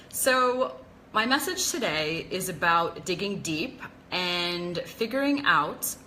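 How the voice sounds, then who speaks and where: Live-stream host, woman: bright tone, confessional chatter over a faint hiss. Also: lowish voice, low-quality recording. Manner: chatty, confessional, greets viewers by name. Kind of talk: casual live-stream talk.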